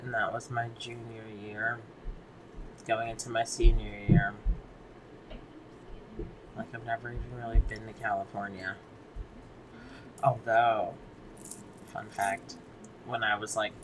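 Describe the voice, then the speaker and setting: There's noise behind this lowish-voiced man as he chats casually. He's a podcast co-host from Massachusetts near Boston, easygoing and slangy, cursing and laughing frequently.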